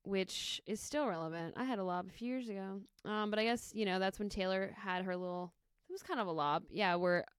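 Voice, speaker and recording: Brief: young woman, podcast co-host, loose chatty delivery, crisp dry close-mic sound. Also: mid-range voice, a little fast, dry recording. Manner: chatty, lots of "like" fillers, joking. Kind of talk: casual chat.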